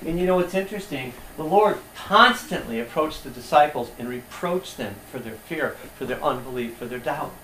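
A man preaching a sermon with passion, swinging between quiet reflection and emphatic, rising peaks. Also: on the high side, expressive, moderate pace, hardly any pauses, slight background noise. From United States. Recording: echoey room from far off.

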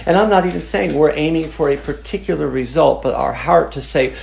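A man preaching a sermon, reading scripture aloud and talking it through casually, moving from emphatic stress to quiet asides. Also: on the high side, normal speed, creaky, slight background noise. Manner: conversational, emphatic, shifts between loud and hushed.

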